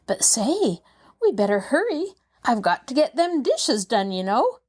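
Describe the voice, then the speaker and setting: Woman reading a flustered country maid, breathless, swooping pitch. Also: very animated, a little slow, a little mellow, breathy edge, heavily acted. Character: excited country housemaid, young woman.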